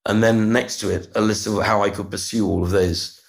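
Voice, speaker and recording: A middle-aged man, telling a personal story as a podcast guest, earnest and halting, often restarting and repeating words. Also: lowish voice, steady tone, vocal fry. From United Kingdom. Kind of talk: reflective storytelling interview.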